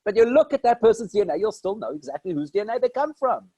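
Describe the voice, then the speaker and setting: Rabbi teaching with rhetorical questions. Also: male voice, sits high, big pitch swings, fast, warm tone, husky, no room sound, rough recording. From South Africa. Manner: conversational teaching, rhetorical questions answered himself. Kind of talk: Torah lecture.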